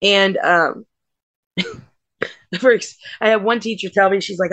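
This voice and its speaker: A woman's voice: mid-range voice, unhurried, no room sound. A middle-aged woman, a wrestler and guest, telling casual stories and acting out family dialogue. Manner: lively, acts out family dialogue. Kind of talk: casual storytelling interview.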